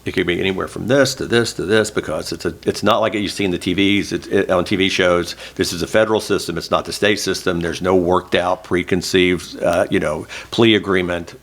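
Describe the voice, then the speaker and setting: Low-voiced man telling an emotional story. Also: steady tone, brisk, few pauses, fairly bright tone. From Oklahoma. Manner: emotional, candid storytelling, close to tears. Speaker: interview guest, former state senator. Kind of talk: oral history interview.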